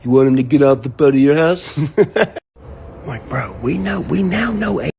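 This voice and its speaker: A man ranting casually and profanely, rambling and animated. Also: a little high, moderate pace, creaky, slightly rough, poor audio. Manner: profane, rambling, animated, quotes people in mock voices. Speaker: online commentator. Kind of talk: casual rant to camera.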